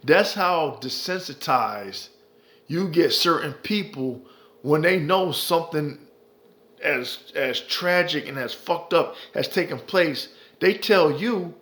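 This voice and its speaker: A man's voice: high voice, unhurried, a bit bright. A man delivering impassioned ranting commentary, profane and heated, repeating phrases for emphasis. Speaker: commentary vlogger.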